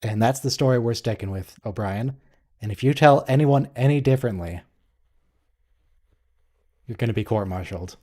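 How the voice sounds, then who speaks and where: Playful man teasing his chat, mellow voice. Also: medium pitch, moderate pace, long pauses. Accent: American. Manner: teasing, playful coaching of pronunciation. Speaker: host. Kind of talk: casual live watch-along chat.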